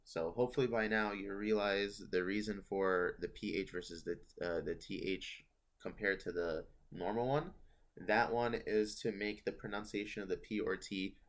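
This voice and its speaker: Low-voiced man teaching grammar. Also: steady tone, normal speed. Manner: explains step by step, self-correcting, thinking aloud. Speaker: language teacher. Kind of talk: casual online grammar lesson.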